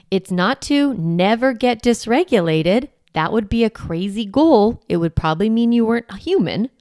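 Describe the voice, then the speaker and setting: A woman's voice: medium pitch, a little mellow, dry recording, studio quality. A woman in her forties hosting a parenting podcast, talking listeners through ideas in a conversational, reassuring way and often checking in with "right?". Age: 40s. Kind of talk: solo podcast teaching.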